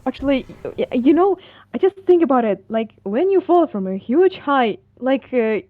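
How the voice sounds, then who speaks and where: A woman co-playing on a game stream, chatting casually with quick interjections. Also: high-pitched, very animated, no echo, narrow, tinny audio. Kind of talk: casual chat.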